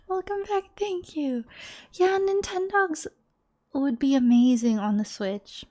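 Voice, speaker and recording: High-voiced chatty young woman streamer. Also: expressive, slow pace, pauses often, darkish tone. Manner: chatty, laughs easily, talks straight to viewers. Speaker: streamer playing a video game. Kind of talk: casual live-stream chat.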